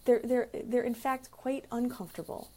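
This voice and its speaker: A woman therapist and relationship coach talking casually about boundaries, acting out quoted conversations with lively emphasis. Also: fairly high pitch, normal speed. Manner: animated, acts out quoted dialogue. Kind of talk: casual advice monologue.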